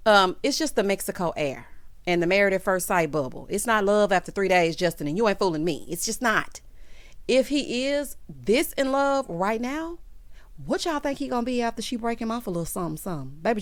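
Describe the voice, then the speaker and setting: A woman hosting a casual reality TV recap, sassy and animated, calling listeners honey and baby. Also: medium pitch, dry recording. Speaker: TV recap host.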